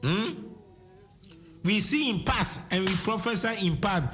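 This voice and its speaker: A man's voice: high voice, expressive, a little slow, over music. A man with a Ghanaian accent preaching a sermon, switching between English and Twi, repeating his words and sometimes singing his phrases.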